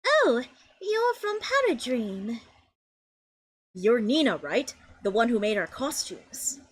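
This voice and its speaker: A woman's voice: medium pitch, sing-song, measured pace, slightly rough. A woman voicing a friendly, upbeat young man in a game, speaking close to her own voice.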